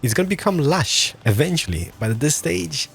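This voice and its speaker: A man's voice: a little high, very animated, moderate pace, gravelly, a bit bright, breathy edge. A man in his thirties giving playful, jokey let's-play commentary as a gaming video host, thinking aloud as he plays.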